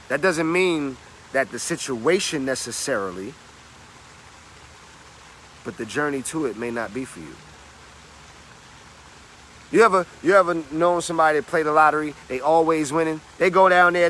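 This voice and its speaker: A man's voice: on the high side, pushed and bright, slight background noise. A man giving a motivational talk in an emphatic, slangy, preachy storytelling manner. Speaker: motivational speaker.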